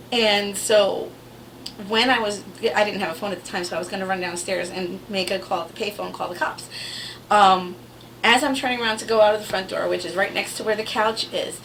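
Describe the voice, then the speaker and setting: Bright-voiced woman telling blunt stories. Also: medium pitch, recorded from a distance, slight background noise, poor audio. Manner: blunt, swears freely, wry and animated. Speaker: vlogger telling family stories. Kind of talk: casual storytelling to camera.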